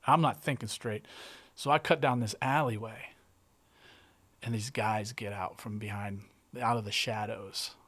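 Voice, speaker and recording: A man's voice: medium pitch, fairly bright tone. A man, a guest artist, telling a vivid story in casual present tense, with some swearing and frequent restarts.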